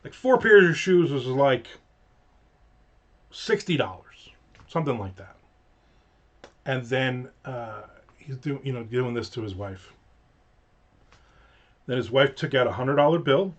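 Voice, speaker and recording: A man's voice: medium pitch, animated, measured pace, pauses often. A man hosting a show, telling a long anecdote in a rambling, digressive way with casual profanity. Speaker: show host. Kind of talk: casual storytelling.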